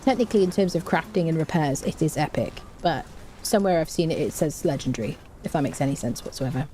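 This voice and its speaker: A woman's voice: deep voice, animated, fast, mellow, a little hiss or hum. A woman chatting casually on a live game stream, reading out chat and humming to herself.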